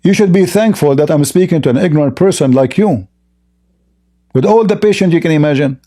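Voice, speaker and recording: Scornful man with a dark, mellow voice. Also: a little high, fairly quick. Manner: mocking, scornful, repeats rhetorical questions. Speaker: religious debate host. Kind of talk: combative religious debate monologue.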